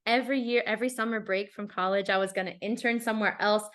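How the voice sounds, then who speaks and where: A woman's voice: mid-range voice, fast. Chatty young woman, casual podcast talk. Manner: chatty, frequent "like" fillers, animated. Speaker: podcast guest. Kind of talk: casual chat.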